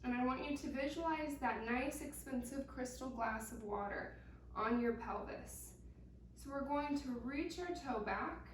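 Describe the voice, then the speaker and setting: A young woman leading a pilates workout, giving calm, encouraging step-by-step cues. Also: high voice, unhurried, slight background noise. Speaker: pilates instructor. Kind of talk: guided workout instruction. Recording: echoey room, mic at a distance.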